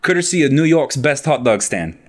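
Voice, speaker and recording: A man's voice: medium pitch, big pitch swings, brisk, pitched above the performer's own voice. A man voicing a friendly male street hot dog vendor who chats easily with passers-by.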